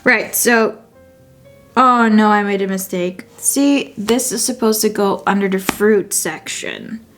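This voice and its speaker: A woman's voice: medium pitch, slow, a bit bright, faint music behind. A woman with a Dutch accent, a native Dutch speaker, chatting casually as she sets up her journal, thinking aloud and correcting herself as she goes. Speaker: vlogger. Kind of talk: casual chat while journaling.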